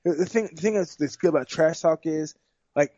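Fighter guest, male, rambling and repeating himself, slightly high voice, dull dry recording. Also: brisk, warm tone, no echo. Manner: rambling, repeats words and restarts. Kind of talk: casual sports chat.

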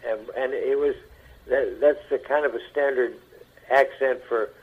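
An older man, an actor, telling stories in an interview in a halting way that repeats words. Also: medium pitch, steady tone, slightly rough. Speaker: actor as guest. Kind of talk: anecdotal interview talk. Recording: dull lo-fi radio broadcast.

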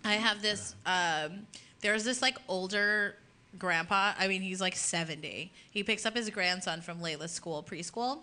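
A woman's voice: mid-range voice, a little slow. A woman, hosting a casual chat and telling stories with acted-out voices. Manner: animated storytelling, acts out voices. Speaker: host.

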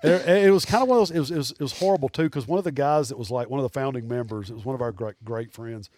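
A man's voice: mid-range voice, rapid-fire, a little hiss or hum. Man telling hunting stories. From Alabama. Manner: animated, rambling hunting yarns. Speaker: guest taxidermist. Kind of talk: casual storytelling in a podcast interview.

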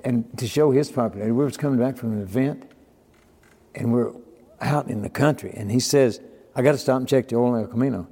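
A man's voice: medium pitch, quick pace, mellow, slightly rough, in a large hall. An older man telling stories in casual podcast talk, acting out quoted dialogue as he goes. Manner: folksy storyteller, acts out quoted dialogue. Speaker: podcast guest. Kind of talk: casual storytelling.

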